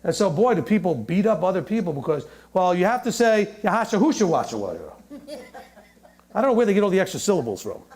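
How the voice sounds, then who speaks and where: A man giving a sermon, reading scripture slowly and breaking into jokes and mock voices. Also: sits high. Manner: animated, joking, reads scripture aloud slowly. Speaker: teacher.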